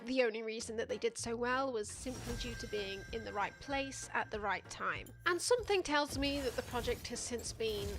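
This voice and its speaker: A woman's voice: on the high side, moderate pace, hardly any pauses, over music. A woman giving sarcastic, profane commentary as the host of a video essay. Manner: sardonic, profane, mocking.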